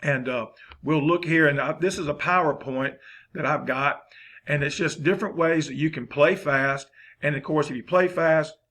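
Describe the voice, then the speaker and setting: A man's voice: on the high side, moderate pace, fairly bright tone. A man, giving a folksy, rambling football coaching lesson.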